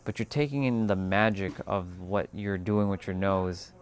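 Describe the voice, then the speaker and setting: A man hosting a casual spiritual livestream, talking in a calm, unhurried way that turns loose and profane at times. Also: deep voice, a little hiss or hum. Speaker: livestream host.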